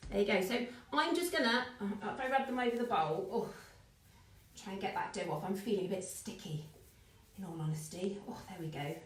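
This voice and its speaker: A woman's voice: medium pitch, moderate pace, recorded from a distance. A woman teaching children a live online baking class, chatting and encouraging, greeting viewers by name. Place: home kitchen. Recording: echoey kitchen, away from the mic.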